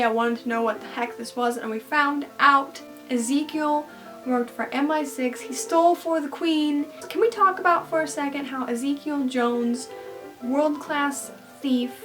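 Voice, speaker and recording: Woman, high voice, excitable fan recap, casual vlog chatter, a little distant from the mic. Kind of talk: casual episode recap monologue.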